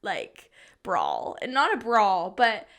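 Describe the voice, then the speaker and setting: A woman's voice: medium pitch, wildly swooping pitch, slow pace, fairly bright tone. A woman in her twenties co-hosting a podcast, talking candidly and laughing often in casual chat. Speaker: podcast co-host.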